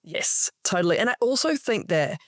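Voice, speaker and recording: A woman's voice: medium pitch, moderate pace, no room sound, clean studio sound. A woman who coaches for a living, telling stories animatedly in a casual podcast chat and swearing often. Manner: animated storytelling, frequent swearing. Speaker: podcast guest, spiritual coach.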